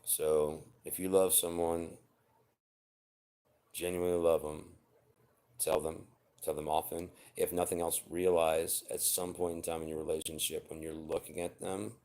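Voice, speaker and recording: A man's voice: deep voice, flat delivery, a little slow, mellow. A man in his forties giving blunt, profane, earnest relationship advice in an unscripted personal monologue. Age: 40s. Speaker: vlogger.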